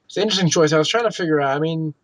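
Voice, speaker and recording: A man from Pennsylvania co-hosts a gaming podcast, talking in a fairly high, racing voice on a dry recording. His chat is loose and full of fillers and swearing, and now and then he bursts into loud mock shouting.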